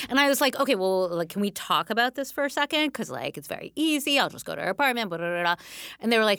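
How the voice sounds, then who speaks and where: A woman writer and podcaster, a guest in a casual chat, lively and quick to laugh. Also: mid-range voice, dry recording, clean studio sound.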